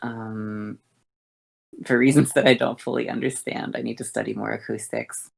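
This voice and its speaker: A woman voice teacher explaining vocal exercises in a halting way, with many fillers and self-corrections. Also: rumbling low, steady tone, creaky.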